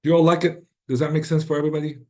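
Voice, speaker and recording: A man's voice: on the high side, flat delivery, rapid-fire, a little mellow. A man with a slightly worn-out voice wrapping up an online presentation, informal and encouraging, often checking in with "right?". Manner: informal, many restarts and rhetorical "right?". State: slightly lost voice.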